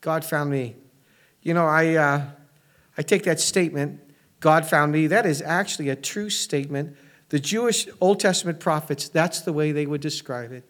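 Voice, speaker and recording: A man's voice: fairly high pitch, moderate pace, a bit bright. A pastor giving a conversational sermon to his church, with frequent fillers and restarts.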